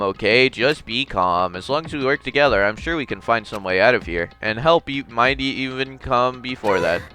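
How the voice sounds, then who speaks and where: A young man with a mid-range, pushed, bright voice plays through a game on video. He reads its text aloud and tosses in jokey asides as let's-play commentary.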